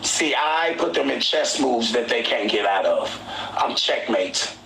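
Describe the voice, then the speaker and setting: A man telling a story on a livestream, excitable and profane, often acting out what others said. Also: mid-range voice, unhurried, vocal fry. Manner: excitable, profane, acts out quotes. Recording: echoey room with faint noise.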